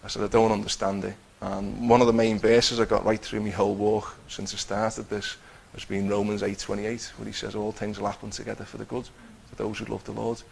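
A man's voice: on the low side, level tone, a little fast, gravelly, hardly any pauses, darkish tone, slight background noise, poor audio. A man telling a personal faith testimony in a conversational way, acting out what he and others said. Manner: conversational, acts out his own quotes, many restarts.

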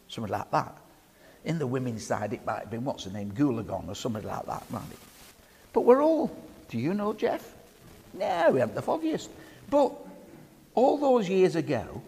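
A man's voice: mid-range voice, darkish tone, slightly rough. A man preaching a sermon, putting questions to the congregation and bantering with them by name. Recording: reverberant hall.

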